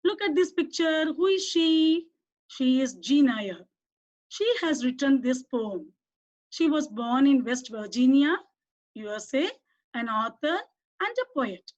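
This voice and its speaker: A woman's voice: high-pitched, animated, a little slow. A woman teacher with an Indian English accent giving a lesson to young children, coaxing them with questions and asking them to repeat words. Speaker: primary school English teacher. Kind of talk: online class lesson for children. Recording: dull lo-fi recording.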